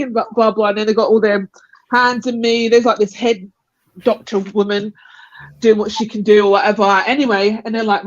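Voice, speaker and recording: A woman's voice: mid-range voice, level tone, brisk, no room sound. Chatty woman telling a story. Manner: chatty, rambling, laughs often, acts out voices in quotes. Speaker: panel guest telling a birth story. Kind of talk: casual storytelling on a live panel. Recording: dull, lo-fi call audio.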